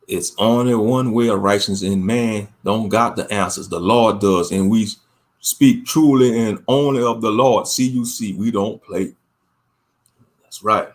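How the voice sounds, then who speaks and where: A man's voice: on the low side, a little slow. A man giving casual religious commentary online, slangy and preachy, often laughing.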